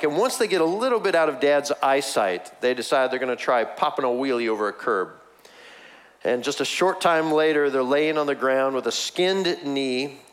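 A pastor delivers a sermon with lots of animation, swinging between high, emphatic lines and low, quiet ones. His style stays conversational, sprinkled with asides and chuckles.

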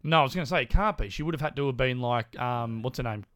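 A man's voice: mid-range voice, quick pace, a bit bright, no room sound, studio quality. A man co-hosting a casual chat, blunt and teasing. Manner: blunt, teasing, forgets names. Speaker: podcast co-host.

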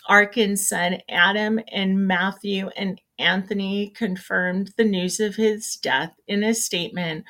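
A middle-aged woman co-hosting a morning show, chatting casually and telling stories with lots of laughter. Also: medium pitch. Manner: animated storytelling, laughs often, squeals when excited. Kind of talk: casual chat.

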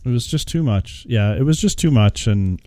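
A man co-hosting a casual film podcast, agreeable and chiming in with quick asides. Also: medium pitch, animated, dark tone, no room sound. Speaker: podcast co-host.

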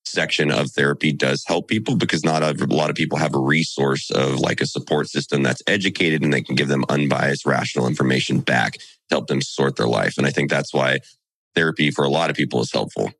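A man making a measured, reasoned point in a casual podcast chat. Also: a bass voice, gravelly, fairly bright tone, no room sound.

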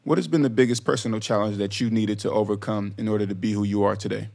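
A male interviewer who asks thoughtful questions. His voice is low and gravelly, with lots of vocal fry. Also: steady tone, quick pace, a little mellow. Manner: thoughtful questions, brief affirmations.

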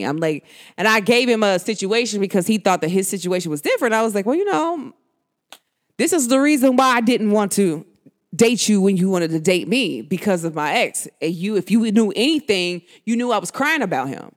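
Candid woman host, slangy casual monologue, animated high-low delivery. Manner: swings between high excited bursts and low quiet asides. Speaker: podcast host.

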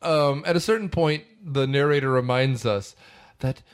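A man's voice: mid-range voice, normal speed, smooth. A man co-hosting a podcast, chatting casually about a film with plenty of fillers and asides. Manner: rambling, frequent fillers and asides. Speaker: podcast co-host.

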